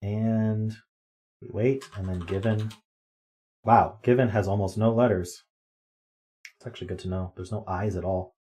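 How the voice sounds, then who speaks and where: A man's voice: on the low side, steady tone, unhurried, long pauses, dark tone. A man streaming live, chatting casually as he works through word games and thinks aloud with ums and guesses. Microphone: desk microphone.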